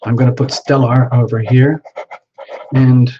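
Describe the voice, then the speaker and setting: A man chats his way through a live tarot stream, thinking out loud and greeting viewers by name. The sound is dull and lo-fi, with a faint hiss of noise behind him. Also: mid-range voice, flat delivery, measured pace. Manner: chatty, self-talking, reads out viewer names.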